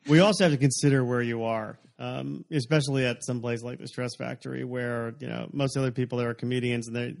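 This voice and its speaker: A man's voice: medium pitch, fairly even intonation, fast, vocal fry, hardly any pauses, darkish tone. A young adult man hosting a casual chat, rambling with lots of fillers. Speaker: podcast host.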